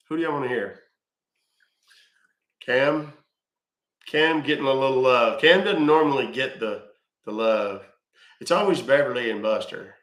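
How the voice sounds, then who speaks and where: A man's voice: mid-range voice, a bit bright, reverberant. A man hosting a livestream who chats loosely and swears freely. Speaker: livestream host. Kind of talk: casual livestream chat.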